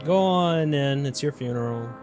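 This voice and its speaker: A grim cleanup worker who talks bluntly and dryly, as a man reads him out. The voice is lifted a little above plain talk. Game music plays clearly in the background. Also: medium pitch, normal speed, voice pushed up, lightly acted.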